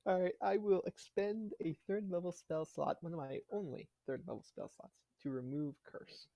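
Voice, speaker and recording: A man playing a tabletop game with friends, excitable and quick to laugh. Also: high-pitched, creaky, no room sound. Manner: excitable, laughs often, animated. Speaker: player.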